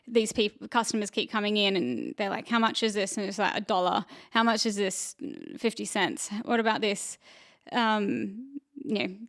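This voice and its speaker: A woman's voice: mid-range voice, fairly bright tone, no room sound, studio quality. A woman, an actor and comedian, telling a story in a rambling, casual way, with lots of fillers and restarts. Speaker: podcast guest, actor and comedian. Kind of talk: casual chat.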